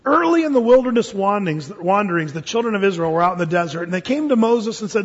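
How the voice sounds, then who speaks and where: A man preaches with animated delivery, laughing and jumping into character voices. His voice sits high and a little husky. It rings through a large hall with long reverb, heard on a dull, muffled recording. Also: quick pace, few pauses. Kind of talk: sermon.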